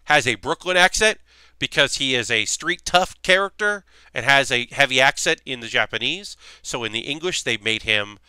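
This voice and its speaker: Bright, crisp-voiced man chatting on stream. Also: mid-range voice, expressive, moderate pace, no echo. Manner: rambling, filler-heavy, chatty. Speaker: streamer hosting a model-building show. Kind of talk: casual livestream chat.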